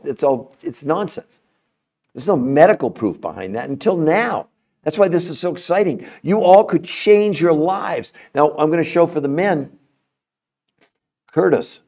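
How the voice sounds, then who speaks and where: Man, podcast host, emphatic promotional talk, mid pitch, mellow tone, lo-fi sound. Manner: emphatic, rising more animated as he goes. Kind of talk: promotional health talk to viewers.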